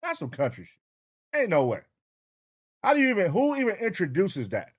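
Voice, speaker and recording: A man hosting a casual livestream reaction show, talking with profanity and calling out viewer names in an animated roll call. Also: high-pitched, moderate pace, breathy edge. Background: hip hop music.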